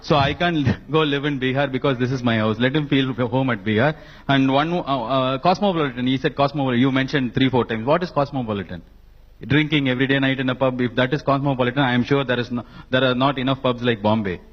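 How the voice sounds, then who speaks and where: Rapid-fire jokey man. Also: mid-range voice. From Tamil Nadu, South India. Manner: fast, animated, jokey, emphatic. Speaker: panelist. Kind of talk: panel debate. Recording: dull lo-fi broadcast sound.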